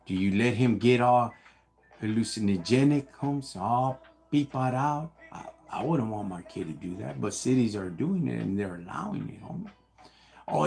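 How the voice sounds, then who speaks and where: A man's voice: mid-range voice, vocal fry, warm tone. A man raised in the United States, hosting a casual livestream and answering viewer questions in laid-back street slang, calling everyone homie and dog.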